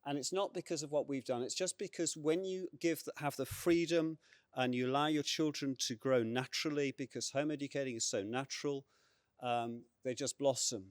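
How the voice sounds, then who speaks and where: A middle-aged man from England speaking earnestly on a conference panel, halting often with fillers and repeated words. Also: mid-range voice, dry recording, studio quality.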